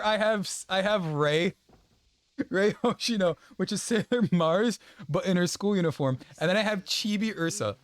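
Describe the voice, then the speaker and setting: A young man streaming a game and chatting casually, rambling with many restarts and quick laughs. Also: sits high. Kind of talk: casual chat while gaming.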